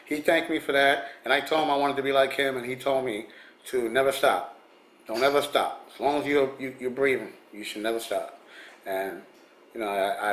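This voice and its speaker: A man's voice: mid-range voice, a bit bright. A man vlogger casually telling celebrity encounter stories, rambling with many restarts and little chuckles. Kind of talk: casual storytelling. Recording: echoey room.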